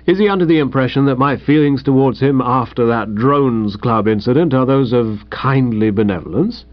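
A man narrating a comic first-person audiobook in a brisk, chatty way. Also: medium pitch, dry recording, dull audio.

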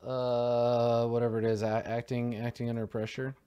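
A man's voice: medium pitch, completely flat delivery, normal speed, dark tone, highs cut off, a little hiss or hum. Rambling man running a tabletop game. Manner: loose, rambling description full of fillers. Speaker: game master.

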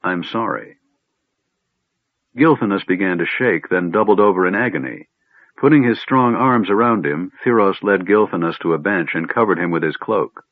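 A man reading an audiobook aloud in an expressive, measured storytelling manner. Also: sits low, no room sound. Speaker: audiobook narrator. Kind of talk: scripted audiobook narration. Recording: tinny phone-like band, dry.

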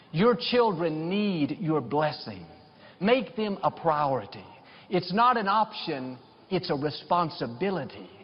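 A man's voice: a little high, breathy edge. A middle-aged male pastor preaching a sermon, telling personal stories and building to fervent declarations of blessing. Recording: dull sound with long hall reverb.

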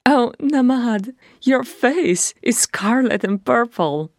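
A woman reader voicing a brash, loud younger sister who teases gleefully, in a fan-read audiobook. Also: fairly high pitch, lively intonation, slow pace, no echo, studio quality, pitched above the performer's own voice. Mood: teasing.

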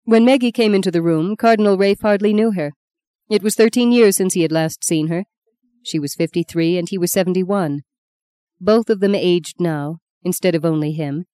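A woman narrating a novel in a steady, unhurried storytelling voice. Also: fairly low pitch, no echo, clean studio sound. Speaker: audiobook narrator. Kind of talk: scripted narration.

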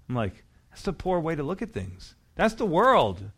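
A man's voice: sits high, very animated, a little fast. A male pastor preaching a sermon in a church, talking to the congregation in a conversational way with frequent rhetorical questions.

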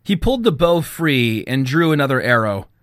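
A man, the author, reading his own fiction aloud in a measured storytelling manner. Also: mid-range voice, sing-song, no echo, studio quality. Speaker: author and narrator.

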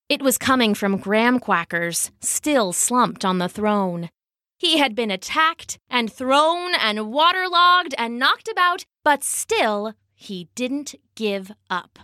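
A woman reading a children's story aloud, taking her time with each line. Her pitch swings lively and expressive, and her tone is bright and clear. The recording is dry and close. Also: slow, dry recording.

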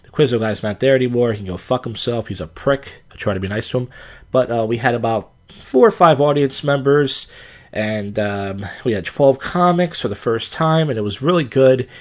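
A man's voice: medium pitch, expressive, moderate pace. Man, podcast host, casual rambling monologue, lots of "uh" and "you know", blunt, swears freely. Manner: rambling, frequent fillers, blunt and profane.

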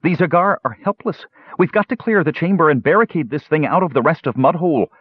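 A man voicing a brave female guard officer who shouts urgent orders, in a slightly dull recording. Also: sits low, lively intonation, brisk, slightly rough, dry recording, pitched above the performer's own voice.

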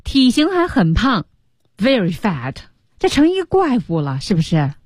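A woman teaches English over the radio, walking through a story and playfully imitating the sounds in it. Her speech swings widely in pitch and carries a husky edge, recorded dry and close. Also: normal speed, no room sound. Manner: animated, explains words with playful sound imitations. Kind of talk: bilingual English lesson explaining a story.

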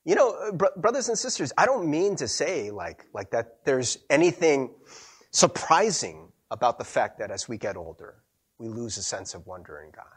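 A young man preaching a sermon as a pastor, telling stories in a chatty, animated way with frequent laughs and a husky voice. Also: mid-range voice, normal speed.

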